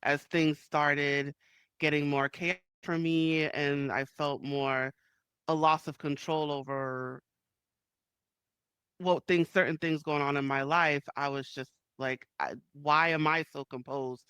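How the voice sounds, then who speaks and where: A man's voice: a little high, little pitch movement, takes it slowly, fairly bright tone, clean tone, no room sound. A man hosting an interview who speaks openly and thinks aloud, often restarting his sentences. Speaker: host. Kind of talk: casual interview talk.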